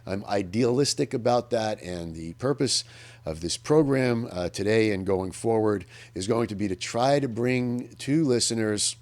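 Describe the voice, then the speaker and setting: A man's voice: lowish voice, a little slow, a little mellow. A man hosting a public affairs radio commentary, talking earnestly and emphatically in an unscripted monologue, often restarting his sentences as he thinks aloud. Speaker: radio host.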